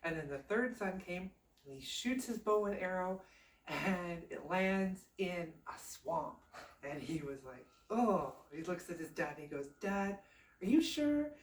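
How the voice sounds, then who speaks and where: A woman tells a fairy tale in a casual, chatty way, full of lively asides. Her voice sits fairly low for a woman. The room is echoey and she is some distance from the mic. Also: measured pace, slight background noise. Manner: chatty, animated, conversational asides. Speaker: storyteller. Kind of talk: casual oral storytelling.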